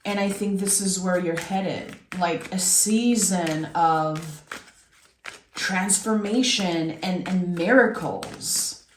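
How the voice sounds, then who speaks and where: A woman from Québec talks through a tarot reading at an unhurried, drifting pace, her voice sitting a little low. She muses and encourages gently as she goes. The sound rings in a noticeably echoey room. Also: a little hiss or hum. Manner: reflective, meandering, gently encouraging. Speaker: tarot reader.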